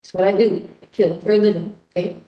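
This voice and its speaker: A woman's voice: medium pitch, steady tone, quick pace, lo-fi sound, natural voice. Maria, a woman putting on an insistent accented killer. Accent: put-on foreign accent that sounds Russian. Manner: insistent, repeating herself. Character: Maria, woman persona claiming to be a trained killer. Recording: echoey archival interview clip.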